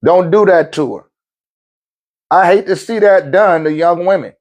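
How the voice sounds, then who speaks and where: A man's voice: sits high, unhurried. A middle-aged man, giving blunt, profane life advice in a casual monologue and laughing often.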